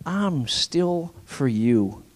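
A man preaching a sermon in a dramatic way, swinging from forceful emphasis to hushed whispers, with repeated rhetorical questions to his listeners. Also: on the high side, lively intonation, drawn-out words. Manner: repetitive, rhetorical questions to the congregation.

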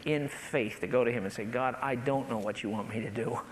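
A man preaching a sermon, building to impassioned peaks and then dropping low and soft. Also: fairly quick, slight background noise, rough recording. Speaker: pastor.

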